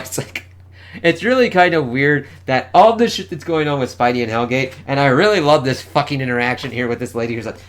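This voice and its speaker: Profane, excitable male comic reviewer. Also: medium pitch, brisk.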